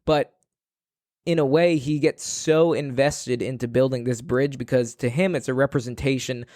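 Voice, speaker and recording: A young man on a casual podcast, retelling a film with lively quoted voices. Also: medium pitch, moderate pace, no room sound, clean studio sound. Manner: animated retelling, acting out quotes. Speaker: podcast co-host. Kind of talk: casual chat.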